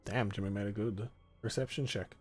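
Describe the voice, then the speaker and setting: Husky-voiced male game master. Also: fairly low pitch, steady tone, a little fast. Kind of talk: narrating a tabletop game.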